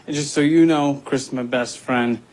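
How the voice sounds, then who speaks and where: A man's voice: mid-range voice, steady tone, moderate pace, darkish tone, lightly acted, low-quality recording. An actor playing a weary, exasperated man, speaking dryly and tiredly in film dialogue. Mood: flustered.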